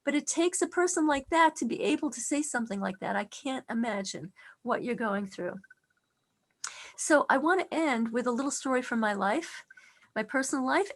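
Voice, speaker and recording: A middle-aged woman teaching a class, telling a personal story in an earnest, expressive way with frequent restarts. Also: fairly high pitch.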